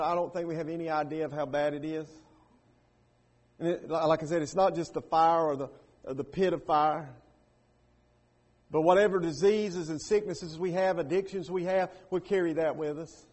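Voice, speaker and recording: Preacher guy with a high voice, stammers and repeats himself, goes quiet then loud, asks the crowd stuff. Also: breathy edge. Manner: swings from hushed low lines to loud raised bursts; repeats words and restarts, asks the congregation questions. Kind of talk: sermon.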